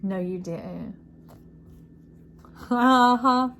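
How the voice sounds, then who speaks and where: A woman's voice: a little high, expressive, slow pace, pauses often, fairly bright tone, slight background noise. A woman giving an intuitive tarot reading to camera, effusive and preachy, often checking in with the listener. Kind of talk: casual spiritual reading to camera.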